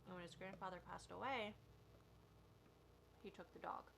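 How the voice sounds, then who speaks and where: A woman's voice: lowish voice, normal speed, vocal fry, slight background noise. A young adult woman talking candidly and a bit rambling in a casual vlog. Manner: candid, meandering, soft at times. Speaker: vlogger. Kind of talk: casual confessional vlog chat.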